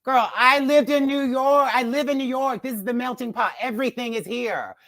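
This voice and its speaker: A woman's voice: high voice, moderate pace, a bit bright, dry recording. A woman in her fifties, a guest on a video call, chatting openly and telling candid stories with frequent laughter. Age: 50s. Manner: candid storyteller, laughs often. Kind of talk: casual chat.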